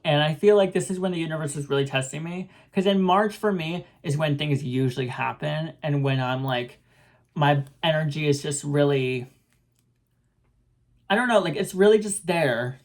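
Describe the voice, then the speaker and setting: A woman's voice: low voice, moderate pace. A young woman telling a casual storytime with lots of swearing, acting out what people said. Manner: animated, swearing, acts out quoted voices.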